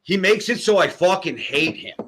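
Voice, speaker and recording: An American man with an Upper Midwest accent co-hosting a sports podcast. His voice is bright and a little high for a man, and he talks bluntly, swearing freely as he tells stories and vents. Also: expressive, moderate pace. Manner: blunt, heavy swearing, storytelling. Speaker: podcast co-host. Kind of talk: casual sports chat.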